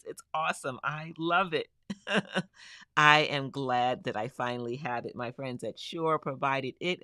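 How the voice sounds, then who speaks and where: A gear demo host on a live stream who is plainly excited and repeats words for emphasis, talking slowly through each step. The voice is bright and a little sharp. It is picked up close on a studio microphone in a dry room. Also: medium pitch, no room sound. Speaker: tech reviewer for teachers. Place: home kitchen table.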